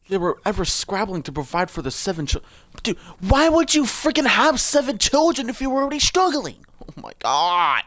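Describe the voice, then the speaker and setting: A man's voice: on the high side, dry recording. A man reading game character profiles aloud. He often stumbles and corrects himself, and breaks off into joking asides. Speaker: game video creator.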